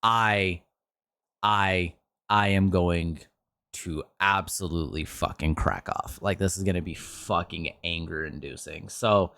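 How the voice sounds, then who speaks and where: A man's voice: sits low, fairly even intonation, slow, gravelly, pushed and bright, no echo, clean studio sound. A man who streams, ranting in a commentary video, frustrated and swearing often, his voice jumping up sharply when worked up.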